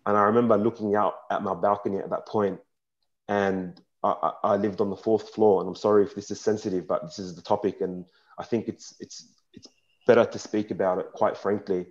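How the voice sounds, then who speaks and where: A young man on a discussion panel, telling his personal story in a frank and earnest way that turns halting and emotional in places. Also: fairly low pitch, steady tone. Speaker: panel speaker. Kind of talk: personal testimony at a panel talk. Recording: dull lo-fi sound.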